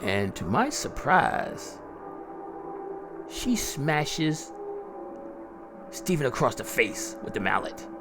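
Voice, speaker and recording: Male horror narrator, gleeful and chuckling, gravelly, slow, music under. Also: mid-range voice, sing-song. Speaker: storyteller. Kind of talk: first-person horror story narration.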